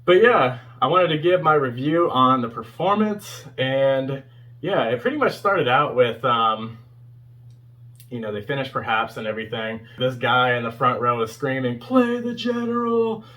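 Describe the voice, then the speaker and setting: Bright-voiced young man rambling casually. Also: medium pitch, normal speed. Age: 20s. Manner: rambling, heavy with fillers and chuckles. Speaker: fan video host reviewing a concert performance. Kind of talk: casual spoken review.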